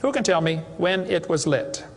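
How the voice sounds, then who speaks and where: A man's voice: high-pitched, expressive, normal speed, big-room sound. A man giving a creationist seminar lecture to an audience, sarcastic and mocking as he tells stories.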